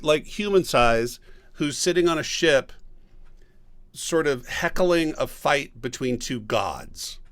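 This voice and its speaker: Gravelly-voiced man telling work stories. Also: mid-range voice. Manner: relaxed storytelling, pauses with ums and throat clearing. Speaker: guest voice actor and voice director. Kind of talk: casual answer on a video call.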